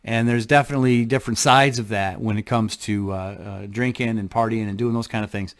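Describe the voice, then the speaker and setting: A man talking to camera in a casual vlog, reflective and halting, often restarting his sentences. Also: on the low side, fairly even intonation. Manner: halting, thoughtful, frequent restarts. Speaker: vlogger.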